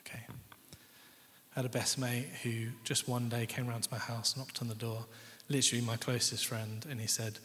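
A young man shares his personal story as a guest speaker, talking candidly and conversationally. His voice sits at an ordinary pitch for a man. A long reverb from the hall trails after his words. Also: level tone, normal speed, a bit bright. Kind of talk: personal testimony in a sermon.

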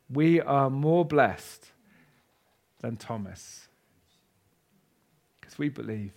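A man preaching a sermon to a congregation in a church. He talks with passion, swinging between loud declarations and hushed asides. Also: mid-range voice, expressive, very slow, vocal fry, long pauses.

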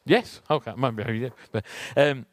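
A male church speaker with a medium-pitched voice delivers a chatty, conversational sermon at a moderate pace, recorded dry. He tells a personal story and poses rhetorical questions to the congregation.

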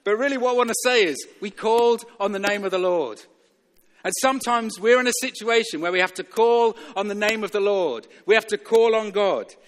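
A man's voice: high-pitched, fairly bright tone. A man preaching a sermon in a church, emphatic and repetitive, chuckling now and then between points. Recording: long reverb of a church hall.

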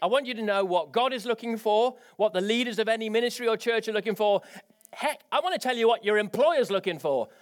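A man preaching a sermon, energetic and animated, with rising exclamations. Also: high voice, quick pace. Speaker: pastor.

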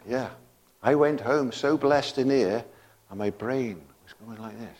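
Slow, emphatic male preacher. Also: mid-range voice, expressive. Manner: slow, emphatic preaching with bursts of laughter and rising exclamations. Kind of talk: sermon.

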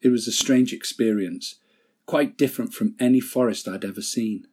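A man giving a slow, solemn scripted church reflection and telling a parable in a measured, gentle way. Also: mid-range voice, slightly rough.

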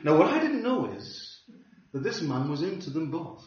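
Animated male preacher in an echoey hall. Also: a little high, moderate pace. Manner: animated storyteller with wry humor. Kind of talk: sermon with storytelling. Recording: roomy hall from a distance, dull sound.

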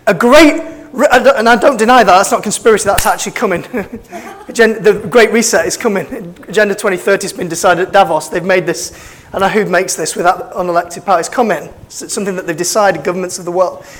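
A man's voice: high voice, fairly quick, fairly bright tone. A middle-aged man, preaching a sermon as pastor with impassioned, building emphasis. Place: church.

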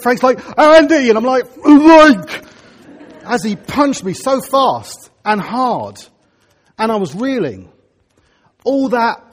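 A middle-aged man preaching a sermon, telling stories in an animated way with sudden loud bursts. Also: high voice, slightly rough.

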